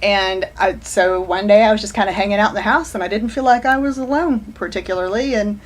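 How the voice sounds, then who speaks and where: A woman's voice: medium pitch, a little fast. A woman in her forties, an author telling rambling anecdotes in a casual chat over a video call. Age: 40s. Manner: rambling anecdotal storyteller, frequent restarts and laughs. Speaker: author guest.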